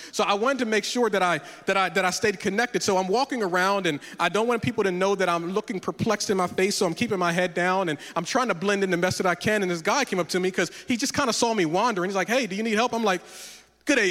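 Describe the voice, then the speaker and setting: A man with a high, light voice preaches as a pastor. He tells his story in an animated way and acts out the dialogue as he goes. The sound rings with a long hall reverb. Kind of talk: sermon with personal storytelling.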